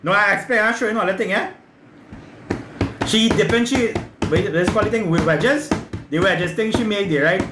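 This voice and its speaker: A man's voice: high voice, moderate pace, over music. A man with a Trinidadian accent hosting a home cooking show, teasing and laughing through casual kitchen banter. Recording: echoey room with background noise.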